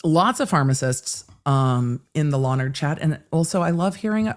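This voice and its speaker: A woman's voice: low-pitched, lively intonation, moderate pace. A middle-aged woman hosting a livestream in a casual, rambling way, often restarting her sentences while she chats and reads viewer comments. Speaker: host.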